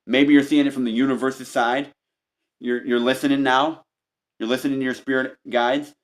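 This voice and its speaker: A man's voice: medium pitch, little pitch movement, normal speed. A man giving an unscripted tarot reading, talking straight to the listener, repeating and restarting his phrases as he goes. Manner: repetitive, meandering, restarts phrases often; addresses the listener directly as "you". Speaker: tarot reader.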